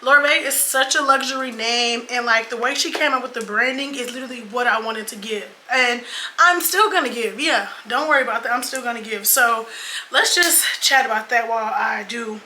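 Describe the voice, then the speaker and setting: Pushed and bright, a little high, at normal speed, she tells viewers (y'all, girl) about a date while doing her makeup, cursing freely. She's a beauty vlogger in her twenties in a casual get-ready-with-me storytime, in an echoey room with faint ambience and slight background noise.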